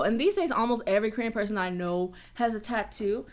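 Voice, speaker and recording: An American woman hosting a casual live-stream Q&A, chatty and animated, jumping from loud exclamations to whispered asides. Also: a little high, brisk, hardly any pauses. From United States.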